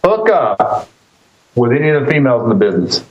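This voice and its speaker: A man's voice: medium pitch, big pitch swings, fairly quick, a little mellow, a little hiss or hum. A man co-hosting a podcast in casual chat, laid-back and constantly saying "man" and "dude". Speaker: podcast co-host. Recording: echoey, dull lo-fi sound.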